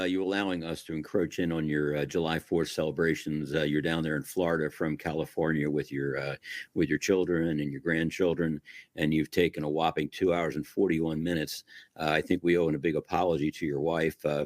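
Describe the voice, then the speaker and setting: A man's voice: very deep voice, dry recording, studio quality. A man hosting an interview, talking in a folksy, effusive way with a preacherly sign-off. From Italian-American. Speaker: show host. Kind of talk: casual interview wrap-up.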